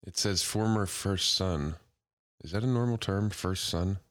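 Deep-voiced guy, dry close sound. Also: measured pace, no echo. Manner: laid-back, laughs often, short dry replies. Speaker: podcast co-host. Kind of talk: casual chat.

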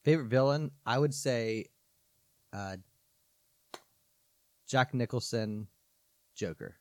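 A man co-hosting a podcast, speaking in halting, hedging phrases in a casual chat. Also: mid-range voice, darkish tone, no room sound. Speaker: podcast co-host.

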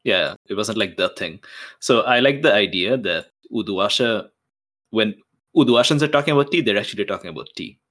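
A man's voice: on the low side, expressive, fairly quick, a bit bright. A man playing in a tabletop game, musing thoughtfully in a casual way. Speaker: player.

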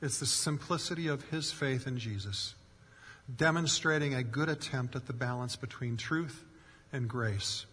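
A man's voice: medium pitch, moderate pace, a bit bright, slightly rough. A male pastor preaching a sermon in an earnest way, rising in force for emphasis and acting out quoted voices. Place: church sanctuary. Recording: long hall reverb.

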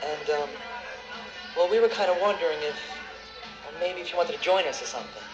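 A man's voice: fairly high pitch, fairly quick, echoey room, lightly acted. An actor playing a mocking young male camper bully with a thick New York accent. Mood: taunting. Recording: dull film audio with music behind.

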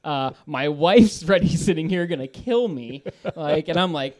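A man calling in to a talk show, telling a story in a lively, laughing way, swearing and restarting his sentences. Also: on the high side, normal speed, few pauses. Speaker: caller. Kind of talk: casual storytelling.

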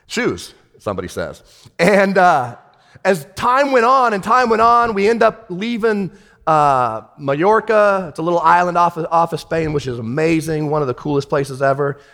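Male pastor, slightly high voice, chatty storyteller with asides, long church-hall reverb. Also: moderate pace. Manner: animated, chatty, many restarts and asides. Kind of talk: sermon storytelling.

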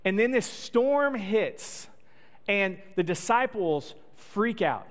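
A man's voice: high-pitched, expressive, slow. A man preaching a sermon in a conversational, joking storytelling way. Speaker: pastor. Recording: long echo of a large hall.

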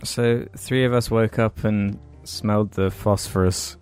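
A man's voice: lowish voice, steady tone, a little slow, a little mellow, clear, resonant tone, faint music behind. A young man co-hosting a podcast, chatting casually with friends and trying to steer the conversation along. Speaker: podcast co-host. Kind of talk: casual chat among friends.

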